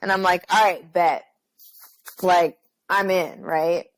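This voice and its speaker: A woman's voice: on the low side, fairly even intonation, slow, poor audio. A young woman chats on a podcast as a guest, swearing freely. She tells a personal story with growing animation and a casual, unfiltered delivery.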